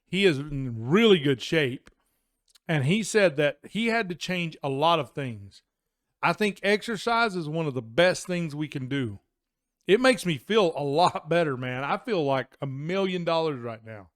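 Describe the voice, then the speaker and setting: Earnest man giving an emphatic pep talk. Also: on the high side. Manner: earnest, emphatic, repeats words for stress; casual Southern-style address with "y'all" and "man". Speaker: vlogger. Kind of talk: motivational talk to camera. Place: home computer room.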